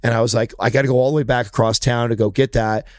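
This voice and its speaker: A man rattles off a story at a rapid clip, cursing freely and working himself up as he tells it. His voice sits at an ordinary middle pitch, recorded close and dry with no room sound. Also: no echo. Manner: profane, animated, heated storytelling. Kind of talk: casual storytelling chat.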